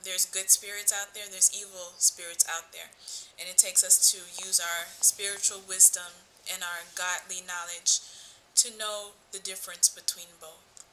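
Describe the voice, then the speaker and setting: A woman's voice: fairly low pitch, level tone, normal speed, bright, forceful tone, a little hiss or hum, poor audio. A woman hosting a casual Bible talk, rambling, losing her thread and searching aloud for her point. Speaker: Bible study host.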